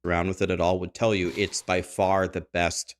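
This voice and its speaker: A man calmly explaining game strategy in a casual discussion, matter-of-fact. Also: low-pitched, normal speed. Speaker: game commentator.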